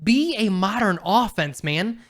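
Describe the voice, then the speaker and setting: A man's voice: high voice, animated, unhurried. A man co-hosting a casual sports podcast, talking bluntly and emphatically and swearing casually. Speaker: podcast co-host.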